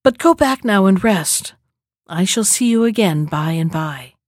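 A woman reading aloud voices a gentle male beast who is weak and dying, speaking softly and faintly. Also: medium pitch, lively intonation, unhurried, no room sound, clean studio sound.

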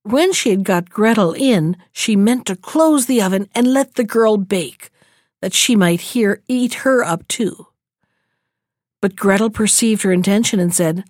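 A woman's voice: mid-range voice, measured pace, darkish tone, no echo, clean studio sound. Woman reading a fairy tale aloud. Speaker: storyteller.

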